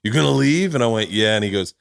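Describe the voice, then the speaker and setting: A middle-aged man hosts a podcast, rambling through casual stories, acting out quotes and swearing freely. His voice sits on the low side with vocal fry, and he talks fast and animatedly. The recording is clean studio sound with no room echo.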